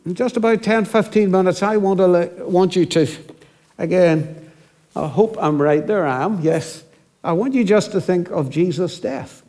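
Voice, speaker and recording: Reflective male preacher, slightly high voice. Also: warm tone. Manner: reflective, slows down to stress scripture. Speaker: minister. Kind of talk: sermon.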